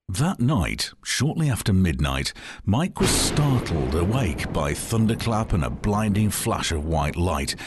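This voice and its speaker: A man telling a long joke as a story in a wry, measured way. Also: deep voice, slight background noise.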